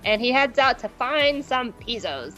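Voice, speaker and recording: A woman co-hosts a podcast and chats through an episode recap in a loose, joking way, slipping into quick voices for the characters. Her voice sits somewhat high. Soft music plays faintly behind her. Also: big pitch swings, rough recording. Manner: playful, acts out characters in quick impressions. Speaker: podcast co-host. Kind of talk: casual recap chat.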